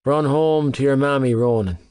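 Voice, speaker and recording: A man's voice: medium pitch, moderate pace, a little mellow, smooth, no room sound, clean studio sound, close to an everyday voice. A man voicing a mocking young male rugby player who orders another boy around in an audiobook. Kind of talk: audiobook character voice.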